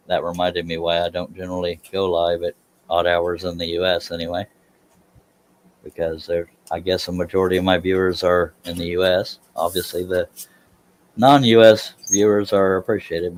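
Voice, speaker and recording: A man chatting casually on a live stream while doing scroll saw work in a workshop, relaxed and self-deprecating, with a low, soothing voice. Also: normal speed.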